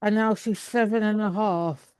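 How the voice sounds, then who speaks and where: A woman's voice: medium pitch, fairly even intonation, normal speed, a little mellow, clean tone, no echo. A woman in her thirties, chatting over a video call in a rambling way with many restarts. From England. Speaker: guest. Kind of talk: casual video call chat.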